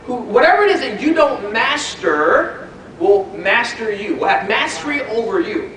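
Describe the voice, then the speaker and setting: A calm, wise Jamaican mentor, as a man puts him on speaks slowly and easily. The voice sits fairly high. It rings through a big echoey hall, picked up from a distance. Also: full character voice. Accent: Jamaican, put on. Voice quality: relaxed, unhurried delivery.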